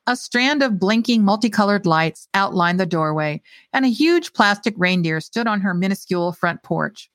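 A woman narrating a first-person mystery novel in a wry, steady storytelling manner. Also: medium pitch, normal speed, hardly any pauses, no echo. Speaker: audiobook narrator.

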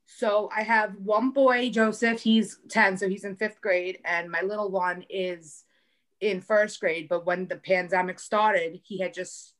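A woman in her thirties with a New York accent, chatting as a guest on a podcast. She is blunt and jokey and swears freely, with a mid-pitched voice. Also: fairly even intonation, measured pace, fairly bright tone. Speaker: guest author. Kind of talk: casual podcast chat.

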